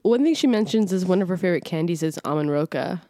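Woman co-host, easygoing movie chat, low-pitched, dry booth sound. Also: quick pace, no room sound. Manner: relaxed, laughs easily, does voices. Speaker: podcast co-host. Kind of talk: casual movie podcast chat.

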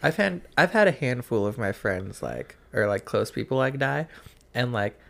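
A young man chatting casually, rambling and halting with lots of fillers. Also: mid-range voice, big pitch swings, creaky, fairly bright tone. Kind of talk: casual chat.

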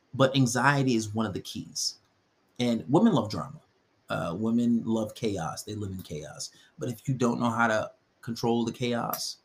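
A young man hosts a solo podcast, handing out blunt, preachy dating advice and acting out quoted voices with big jumps in pitch.

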